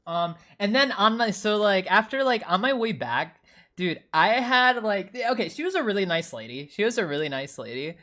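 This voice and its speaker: A young adult woman streaming, chatting casually with her viewers in a slangy, animated way full of swearing and fillers. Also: medium pitch, moderate pace.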